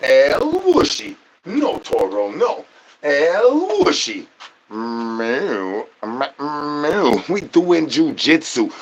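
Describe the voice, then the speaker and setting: A man doing an absurd comedy rant to his chat, spilling rhyming nonsense patter with rapid stuttered repetitions. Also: on the high side, vocal fry, a bit bright, breathy edge. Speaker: streamer.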